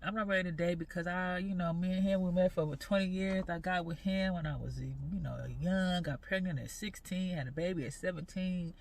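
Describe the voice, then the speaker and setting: Earnest, halting woman vlogger. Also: on the low side, a little mellow, a little hiss or hum. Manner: halting, repeats phrases, earnest and devout. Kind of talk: personal faith vlog talk.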